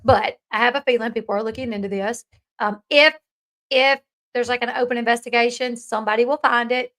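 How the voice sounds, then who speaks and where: A woman chats through casual commentary as a host, opinionated and conversational, answering viewer comments. Her voice is bright and a little high. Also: steady tone, fairly quick.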